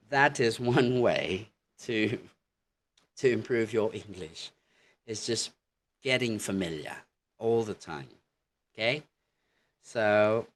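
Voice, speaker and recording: A man teaching an online English lesson in a relaxed way, with many fillers and demonstrations of how words are pronounced. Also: fairly low pitch, a little hiss or hum.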